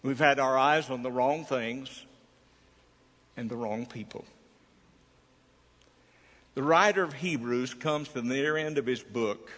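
A man's voice: medium pitch, measured pace, long pauses, fairly bright tone, long reverb tail. A man preaching a sermon, telling a personal story in a folksy way and acting out its dialogue. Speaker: pastor.

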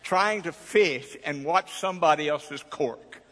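A man's voice: a little high, measured pace, fairly bright tone, big-room sound. A man preaching a sermon, telling a personal story in a folksy way and acting out its dialogue. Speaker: pastor.

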